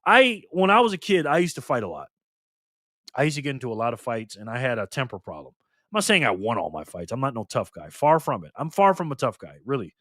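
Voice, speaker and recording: A man's voice: mid-range voice, very animated, fast talker, pushed and bright, no echo, studio quality. A man in his fifties hosting a live stream, chatting casually with viewers and reading their comments aloud in loose, streetwise talk. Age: 50s.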